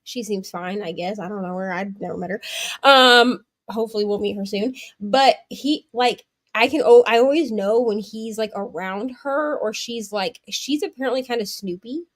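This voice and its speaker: A woman hosting a casual chat on a livestream, telling stories with quick asides and frequent laughter. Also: mid-range voice, no room sound. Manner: chatty storyteller, quick asides, laughs often. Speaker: host of a long reading and craft sprint stream.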